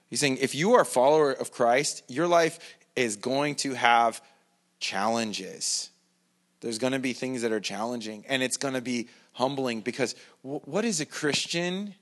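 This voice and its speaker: A male pastor preaching a sermon in a conversational, self-deprecating way, with mocking asides. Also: mid-range voice. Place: church.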